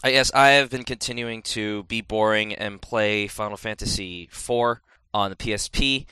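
A man in casual podcast chat about video games, animated and excitable, swearing freely with quick asides. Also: lowish voice, clear, resonant tone, dry recording, low-quality recording.

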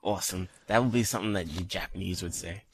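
Man, podcast co-host, deep voice, relaxed brief replies. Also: fast, husky. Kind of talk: casual podcast chat.

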